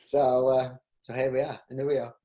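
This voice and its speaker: A man's voice: mid-range voice, little pitch movement, moderate pace, dark tone. A middle-aged man with a Yorkshire accent, talking as an interview guest in a loose, rambling way, often restarting his sentences. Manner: rambling, with frequent restarts and ums. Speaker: interview guest, business owner. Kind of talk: casual interview. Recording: roomy echo.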